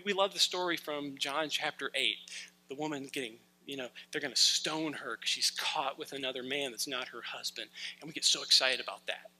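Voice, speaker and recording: Bright, animated casual male preacher. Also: medium pitch, slight background noise, rough recording. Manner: conversational, animated, acts out quoted lines. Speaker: pastor. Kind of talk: casual sermon.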